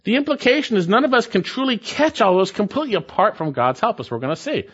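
A man's voice: sits high, big pitch swings, quick pace, fairly bright tone, breathy edge, muffled recording. A man preaching an expository sermon, emphatic and repeating key phrases to drive points home. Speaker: pastor.

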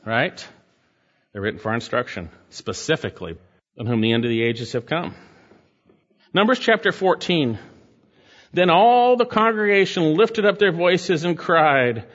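A man's voice: fairly high pitch, fairly bright tone. A male pastor preaching a sermon, reading scripture aloud and breaking off to comment and exhort his congregation. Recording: muffled sound in a reverberant hall.

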